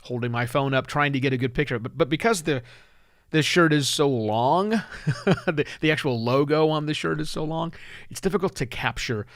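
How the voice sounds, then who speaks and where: A man hosting his own podcast live, chatty and self-deprecating, thinking out loud and a little phlegmy, clearing his throat now and then. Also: a little high, moderate pace, dry recording, studio quality. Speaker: podcast host. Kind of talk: live-taped solo podcast, casual chat. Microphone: studio mic with headphones.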